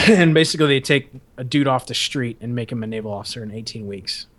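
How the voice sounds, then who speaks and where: Young guy on a podcast telling a story, swears a lot, rambles and laughs, medium pitch. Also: fast, fairly bright tone. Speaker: podcast host. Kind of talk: casual storytelling.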